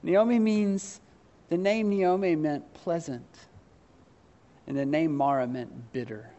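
An earnest male pastor delivering a sermon, speaking in a slightly higher register. He addresses his listeners directly with searching questions and pokes fun at himself. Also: slow pace, mellow, lo-fi sound. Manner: self-deprecating humor.

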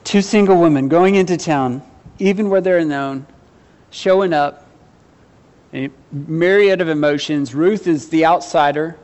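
An earnest male pastor delivering a sermon, speaking in a slightly higher register. He addresses his listeners directly with searching questions and pokes fun at himself. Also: a little mellow. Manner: self-deprecating humor.

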